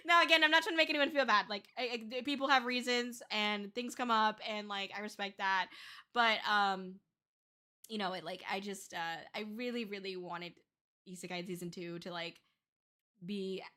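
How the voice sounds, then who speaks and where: A young woman VTuber chats candidly with her viewers on a casual livestream, her mid-range voice pushed and bright. Her talk rambles, full of fillers and restarts.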